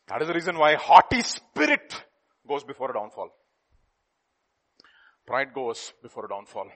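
A man preaching a sermon, telling a children's story in a playful, animated way and laughing as he goes. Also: medium pitch, normal speed, long pauses.

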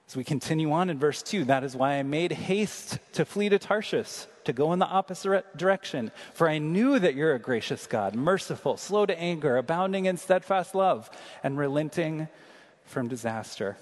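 A man preaching an earnest, emphatic sermon, slowing down to read scripture aloud. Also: a little high, animated. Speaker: pastor. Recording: long reverb of a large hall.

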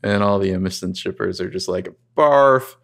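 A man's voice: low voice, monotone, quick pace, gravelly. A man co-hosting a casual podcast, recapping a TV episode and acting out the characters' lines in jokey voices. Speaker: podcast co-host.

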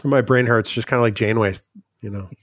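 A man's voice: lowish voice, steady tone, fast, fairly bright tone, a little hiss or hum. A man co-hosting a podcast, bantering and teasing his partner with dry jokes. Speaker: podcast co-host. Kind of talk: casual banter.

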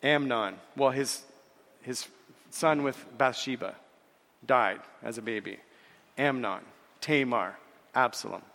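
A man preaching a sermon in an earnest way, repeating words and slowing down when he quotes scripture. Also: mid-range voice, vocal fry, a bit bright, long reverb tail. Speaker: pastor.

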